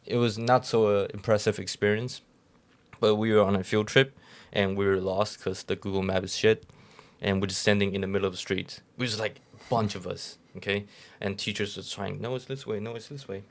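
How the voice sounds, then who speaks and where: A young man with a low, gravelly voice, not a native English speaker, rambling through a story on a casual podcast. He restarts his sentences often and keeps a relaxed, chatty pace. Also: brisk. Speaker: podcast co-host.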